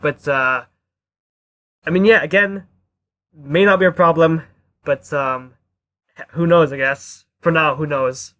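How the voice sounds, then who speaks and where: A man's voice: on the high side, slow pace, long pauses, fairly bright tone. A man co-hosting a gaming podcast in casual chat, laid-back and hedging his points with fillers. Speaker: podcast co-host.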